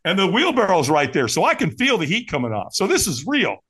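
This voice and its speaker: A man's voice: high voice, fairly quick, husky. A man telling a personal story as a podcast guest, acting out the people he quotes. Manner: animated, acts out quoted voices. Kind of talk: storytelling in casual conversation.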